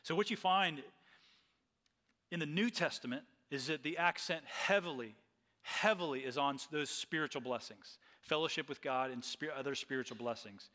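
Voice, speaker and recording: A man's voice: fairly high pitch, moderate pace, sharp tone, long reverb tail. A man preaching a sermon as pastor, earnest and often repeating phrases.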